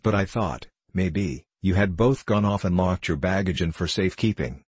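A man's voice: low voice, moderate pace, a little mellow, slightly rough, no room sound. A man doing a flustered young chambermaid. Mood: fretful. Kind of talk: audiobook character voice.

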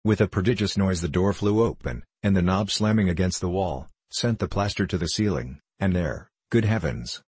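A man reading a classic novel aloud in first person, measured and earnest, with a husky voice. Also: deep voice, darkish tone, no echo. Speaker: audiobook narrator. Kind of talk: first-person literary narration.

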